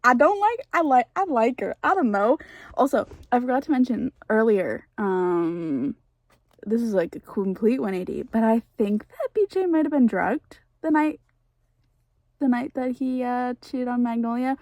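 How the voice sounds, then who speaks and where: High-voiced gushing young woman vlogger. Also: animated, moderate pace, a little mellow, no room sound. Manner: gushing, exasperated, laughs and rants. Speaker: book vlogger. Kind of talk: casual reading vlog reactions.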